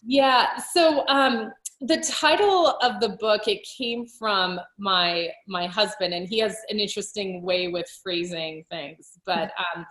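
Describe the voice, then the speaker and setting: A woman's voice: medium pitch, takes it slowly, few pauses, a bit bright. A woman cycling coach and author talking casually in an interview, chatty, with frequent laughs, fillers and restarts. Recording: roomy echo.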